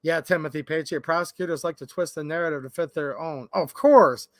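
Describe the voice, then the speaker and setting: A man from Michigan talks off the cuff on his own livestream, recorded in his workshop. His voice sits fairly high and sounds dry and close, with no room echo. He is opinionated and chatty, and he keeps turning to address his viewers. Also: fairly quick. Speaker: gun channel livestream host. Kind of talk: casual livestream commentary.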